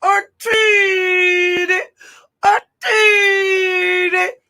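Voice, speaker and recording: A woman puts on a shrill, sobbing woman giving a police statement, her words slow and slurred through tears. She wails and cries out from a little way off the mic, high and piercing. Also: flat delivery, pushed and bright, shouting, heavily acted. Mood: mock sobbing. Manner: wailing, slurred, drawn-out crying.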